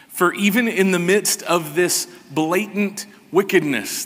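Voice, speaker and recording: Pastor, sermon, unhurried, slightly higher voice, reverberant hall. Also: male voice, fairly bright tone. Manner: slow, sarcastic, emphatic preaching.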